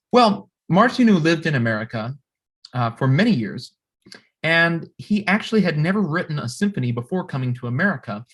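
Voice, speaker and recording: A young composer talks through a music history presentation. His voice sits at a middle pitch, and he stops often, repeating words and filling gaps with "um" and "uh" as he thinks aloud. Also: a bit bright, breathy edge. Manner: halting, many fillers and restarts. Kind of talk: recorded lecture presentation.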